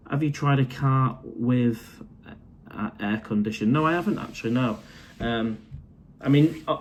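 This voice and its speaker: A man's voice: mid-range voice, a little hiss or hum. A man, casually chatting on a live stream from his condo, reading out viewer comments and calling everyone mate. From England.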